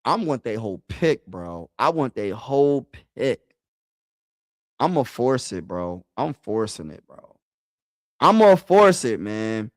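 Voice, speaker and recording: A man's voice: mid-range voice, animated, a little slow, darkish tone, dry recording, studio quality. Chatty man live-streaming to his chat. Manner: talks to chat, repeats himself, casual slang. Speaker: sports streamer.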